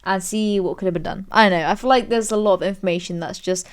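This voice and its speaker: A young British woman reading online stories aloud and giving her opinions in a chatty, animated way, her voice jumping high when she is amused. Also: fast. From Britain. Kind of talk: casual commentary reading posts aloud.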